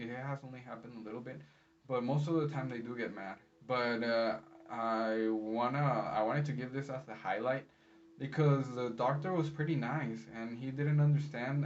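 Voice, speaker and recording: A man's voice: mid-range voice, recorded from a distance, muffled recording. A man working as a medical interpreter, recapping his workday in a rambling, chatty way with many fillers. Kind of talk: casual vlog recap.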